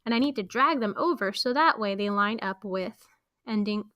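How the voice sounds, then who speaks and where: Woman, software tutorial, friendly step-by-step explaining, bright voice, dry sound. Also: mid-range voice, normal speed, no echo, highs cut off. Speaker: teacher showing podcast editing. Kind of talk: screen-recorded software tutorial.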